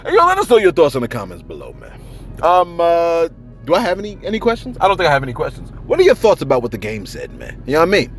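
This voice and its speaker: A man's voice: quick pace, soft background music. A man giving casual, slangy celebrity gossip commentary, with big emphatic swings for effect. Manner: animated, slangy, jumping pitch for emphasis.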